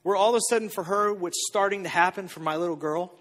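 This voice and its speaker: A male pastor preaching a sermon through personal storytelling, conversational, with repeated phrases and moments of hush. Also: sits high, quick pace. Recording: long reverb of a large hall.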